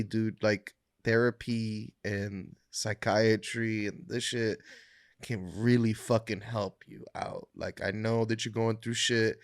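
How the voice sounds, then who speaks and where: A man co-hosting a podcast in casual chat, animated and laughing often, swearing freely as he tells stories. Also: medium pitch, clear, resonant tone, dry recording, studio quality. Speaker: podcast co-host.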